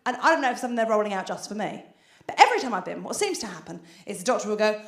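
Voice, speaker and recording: A woman's voice: medium pitch, big pitch swings, rapid-fire, echoey room. A British woman performing a stand-up comedy routine on a theatre stage, chatty and conspiratorial with the crowd. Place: theatre stage before an audience.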